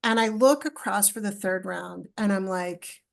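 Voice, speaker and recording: Female guest, middle-aged, gravelly texture, animated storyteller. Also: mid-range voice, measured pace, a little hiss or hum. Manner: animated storyteller, acts out dialogue. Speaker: podcast guest. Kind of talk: storytelling in a podcast interview.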